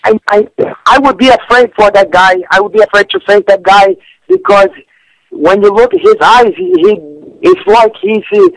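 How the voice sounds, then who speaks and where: High-pitched man, stammering broken English. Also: expressive, normal speed, gravelly, a bit bright, dry recording, rough recording. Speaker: fight picks guest. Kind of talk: comedic radio chat. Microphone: studio radio mic.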